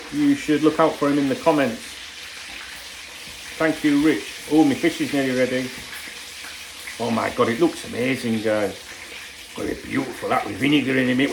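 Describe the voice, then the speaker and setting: A man's voice: medium pitch, roomy sound, a little hiss or hum, poor audio. Older man, blunt and jokey. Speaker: football fan channel host. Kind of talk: casual chat reading viewer comments. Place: home kitchen while cooking.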